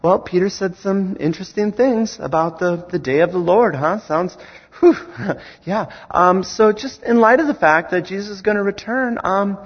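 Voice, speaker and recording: A preacher putting on the voice of a hesitant, awkward small-group leader who stumbles through fillers, in an echoey hall. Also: male voice, sits high, husky, pitched above the performer's own voice. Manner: halting, filler-heavy, unsure. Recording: echoey hall, dull lo-fi sound.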